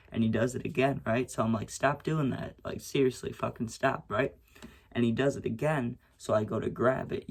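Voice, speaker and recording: Young guy with a gravelly husky voice, rambling storytime, says right? a lot and swears. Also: mid-range voice. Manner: rambling, frequent "right?" and "you know what I'm saying"; swears freely, acts out shouted quotes. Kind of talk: casual storytime.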